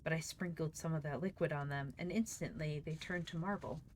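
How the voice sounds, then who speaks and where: A woman's voice: deep voice, steady tone, brisk, slight background noise, lightly acted. Proud old magician, read by a woman. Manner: boastful, explaining.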